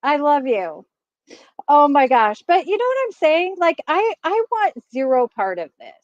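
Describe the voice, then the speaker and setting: A woman's voice: high-pitched, wildly swooping pitch, unhurried, no room sound, lo-fi sound. A middle-aged woman hosting a vlog, chatting casually and laughing often as she tells a story. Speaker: vlogger host.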